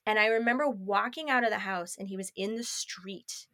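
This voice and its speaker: A woman guest telling a personal story in an interview, lively and acting out what people said. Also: medium pitch, moderate pace, no echo, clean studio sound. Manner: lively, acts out others' lines in quotes.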